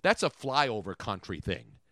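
A middle-aged man hosting a radio show, riffing in casual comedic banter with an animated, rambling delivery. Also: fairly low pitch, unhurried, dry recording, clean studio sound. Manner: animated, joking, rambling riffs.

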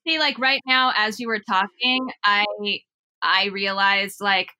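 Woman guest on a chat podcast; bright, loose, rambling delivery that keeps circling back. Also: medium pitch, measured pace, smooth. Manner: rambling, self-interrupting, laughs often. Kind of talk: casual conversation.

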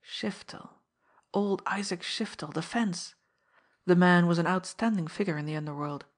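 Measured woman narrating an audiobook. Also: fairly low pitch.

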